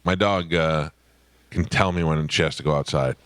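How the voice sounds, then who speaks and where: A man hosting a radio show, telling stories in wry, deadpan banter. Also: a bass voice, normal speed, no room sound, studio quality. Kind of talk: casual studio banter. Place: radio studio.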